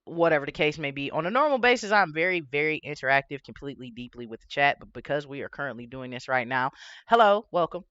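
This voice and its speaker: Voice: mid-range voice, expressive, quick pace, a bit bright, no echo, lo-fi sound. A livestream host with a lisp, chatting casually and rambling with swearing and frequent laughs.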